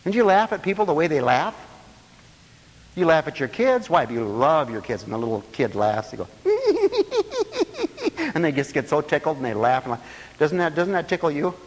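Animated preacher man with swooping voice. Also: fairly quick, big-room sound. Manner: animated, swooping pitch, laughing asides. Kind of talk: sermon.

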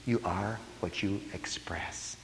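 A man preaching a sermon, swinging from hushed murmurs to loud exclaiming and chuckling between points. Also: sits low, slow pace. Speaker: pastor. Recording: hall reverb with faint hiss.

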